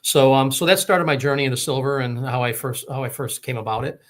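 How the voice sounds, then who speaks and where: Man, fast-talking, rambling, casual storytelling, mid-pitched voice. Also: fairly bright tone. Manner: rambling, many fillers and restarts. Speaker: guest telling his story.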